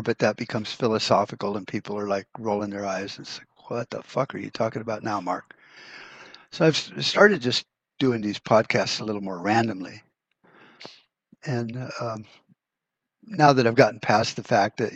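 A man's voice: on the low side, dry recording. A man hosting a prepper podcast, talking in a blunt, profane, rambling way with many restarts. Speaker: podcast host. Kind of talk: casual rant podcast.

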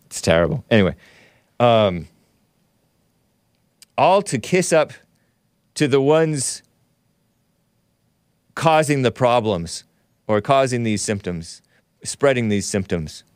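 A man's voice: medium pitch, very animated, slow pace, pauses often, no room sound, studio quality. A man hosting a live call-in stream, reading viewer messages in casual talk, often laughing, sighing and groaning in disgust. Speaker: show host reading super chats.

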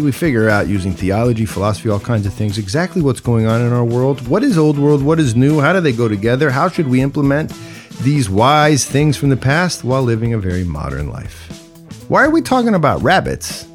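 A man's voice: medium pitch, big pitch swings, fairly quick, soft background music. A man hosting a solo podcast, talking in a playful, reflective way that moves between jokes and musing. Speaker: podcast host.

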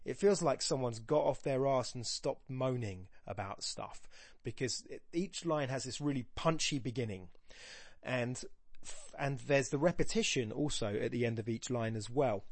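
A man who hosts a podcast and teaches, analysing a poem aloud, musing and stopping himself mid-thought and reading quoted verse slowly. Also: medium pitch, no echo. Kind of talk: thinking-aloud poetry analysis.

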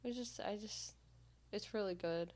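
A woman co-hosting a podcast, telling stories in casual chat with a lot of "like" and loud bursts of laughter. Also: mid-range voice, normal speed, slight background noise. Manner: animated storyteller, heavy use of "like", bursts of loud laughter. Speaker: podcast co-host. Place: podcast studio.

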